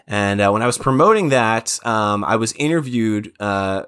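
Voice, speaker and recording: A man's voice: lowish voice, lively intonation, normal speed, fairly bright tone, clean tone. A man in his thirties co-hosting a podcast, telling stories in a rambling way with quoted asides. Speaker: podcast co-host. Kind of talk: casual chat.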